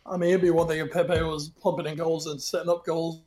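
A man's voice: on the high side, little pitch movement, a little fast. A man co-hosting a sports podcast, giving blunt, opinionated takes and laughing at his own jokes. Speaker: podcast co-host. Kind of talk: casual sports chat.

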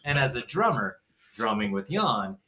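A man co-hosting a casual talk show, animated and quick to laugh, swearing freely. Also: medium pitch, echoey room, a little hiss or hum. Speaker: podcast co-host, drummer. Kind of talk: casual chat.

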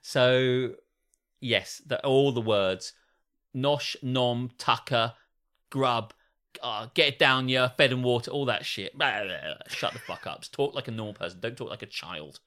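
A man's voice: medium pitch, unhurried, a bit bright. A British man co-hosting a comedy podcast, chatting casually, swearing freely and acting out other people in shifting voices. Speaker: podcast co-host.

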